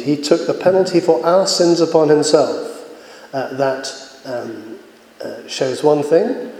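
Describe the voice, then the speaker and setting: Earnest preacher in an echoey hall. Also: male voice, a little high, a little mellow. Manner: earnest, measured, frequent filler pauses. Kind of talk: sermon. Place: church. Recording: echoey church hall with long reverb.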